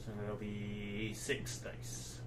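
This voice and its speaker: A man's voice: lowish voice, completely flat delivery, very slow, background noise. Wry man playing a tabletop game. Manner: wry, joking. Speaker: player. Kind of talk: casual chat at a tabletop game.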